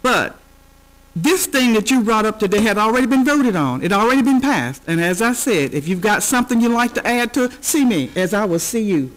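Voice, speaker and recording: A woman's voice: fairly high pitch, lively intonation, fairly quick, poor audio. A woman council member speaking firmly at a county council meeting.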